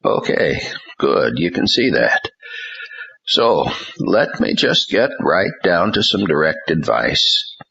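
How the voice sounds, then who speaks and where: A man's voice: deep voice, very animated, gravelly, slightly rough, lo-fi sound, heavily acted. A man voicing a blunt, weary older pastor. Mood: forceful. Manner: slow, faltering, forceful. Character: older ousted male pastor, blunt mentor.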